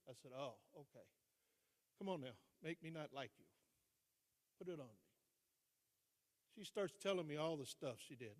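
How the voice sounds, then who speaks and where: An older man, a guest speaker, telling a story in a motivational speech, acting out both sides of a conversation and dropping his voice low for emphasis. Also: animated, normal speed, pauses often. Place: large hall. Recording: long hall reverb.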